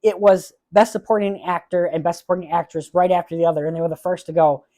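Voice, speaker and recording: A man's voice: high-pitched, fairly even intonation, quick pace, warm tone. Chatty opinionated male movie podcaster. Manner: opinionated, frequent "um" fillers; openly emotional about awards moments. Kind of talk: casual solo podcast chat.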